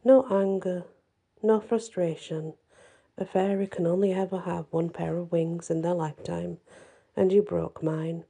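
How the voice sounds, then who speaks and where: A woman voicing a vengeful female fairy who speaks softly and coolly, with quiet menace. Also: on the low side, fairly even intonation, unhurried, creaky, breathy edge, exaggerated voice.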